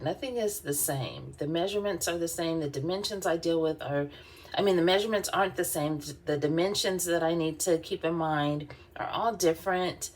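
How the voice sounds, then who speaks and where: Over slight background noise, a woman with a lowish voice recounts a work story for her vlog as she does her hair. Her telling is chatty and relaxed, packed with fillers and laughs.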